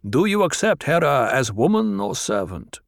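A man voicing a stern male tribal chief who speaks gravely and with command, in a dry recording. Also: normal speed, no echo. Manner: grave, commanding, low and even.

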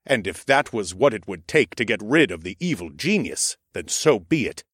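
Expressive low-voiced male narrator. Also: moderate pace, slightly rough, dry recording, studio quality. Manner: expressive, sardonic storytelling. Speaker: audiobook narrator. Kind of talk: first-person audiobook narration.

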